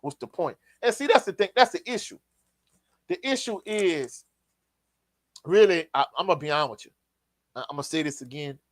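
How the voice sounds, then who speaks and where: A man with a fairly high voice rants through a postgame football reaction in blunt, exasperated slang, now and then reading out viewer comments. The recording is dry and close, with no room sound. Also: expressive, moderate pace, pauses often, dry recording. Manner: blunt, exasperated and ranting, casual slang, reads out chat comments. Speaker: sports show host. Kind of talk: heated postgame football reaction, live stream.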